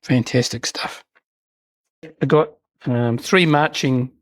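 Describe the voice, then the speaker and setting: This hobby channel host has a mid-range voice with fairly even intonation and speaks slowly, leaving long pauses. He enthusiastically shows off new miniatures in a rambling, self-mocking unboxing chat, recorded without any room sound.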